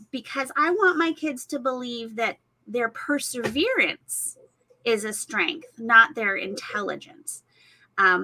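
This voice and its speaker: A woman's voice: a little high, sharp tone, low-quality recording. A woman and mother speaking earnestly on a parenting panel, acting out what parents say to their kids. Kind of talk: casual panel discussion.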